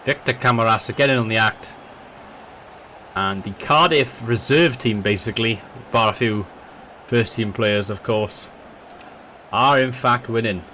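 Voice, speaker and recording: A man's voice: medium pitch, a little slow, long pauses, slight background noise. A man hosting a gaming video, chatting to viewers and calling the match like a commentator, his voice jumping up when a goal comes. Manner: excitable, voice jumps up on goals; chatty, talks to viewers directly. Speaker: gaming channel host. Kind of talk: let's play with football commentary.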